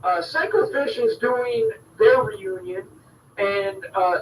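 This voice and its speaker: A man's voice: sits high, slow, slight background noise. A man chatting as a guest on a podcast, rambling and hesitant with frequent laughs. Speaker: guest musician promoting a show. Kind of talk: casual chat. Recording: roomy echo, distant from the mic.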